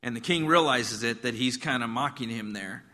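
A man preaching in a church hall with a bright, forceful voice. He talks to the congregation directly and keeps it conversational and emphatic. A long reverb trails each phrase. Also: medium pitch, normal speed. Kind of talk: sermon retelling a Bible passage.

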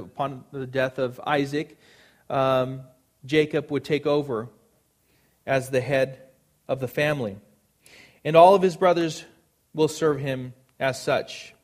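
A man preaching a sermon, earnest and emphatic, repeating phrases for stress. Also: on the high side.

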